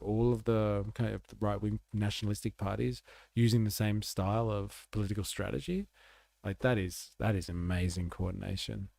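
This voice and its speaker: A man's voice: lowish voice, vocal fry, a little mellow, no echo, clean studio sound. A man giving casual, sarcastic political commentary on a livestream, rambling and reacting to clips. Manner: live-translates German clips.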